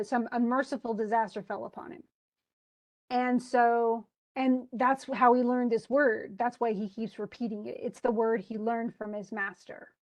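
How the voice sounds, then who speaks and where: A woman's voice: fairly high pitch, darkish tone. Chatty woman lecturing on a poem. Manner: chatty, restarts often, paraphrases casually. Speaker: English literature instructor.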